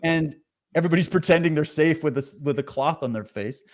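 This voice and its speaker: A man interviewing a guest, animated, sarcastic and indignant, talking heatedly. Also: fairly high pitch, fast.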